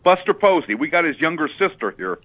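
Man, phone-in caller, bright forceful voice, muffled lo-fi phone line, rambling with fillers. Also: fairly high pitch, sing-song, a little fast, slight background noise. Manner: rambling, many fillers and hesitations. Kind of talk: casual call-in chat. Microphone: telephone.

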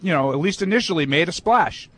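A man's voice: on the high side, animated, fast talker, a bit bright. A man co-hosting a sports radio show, teasing a caller. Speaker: radio co-host.

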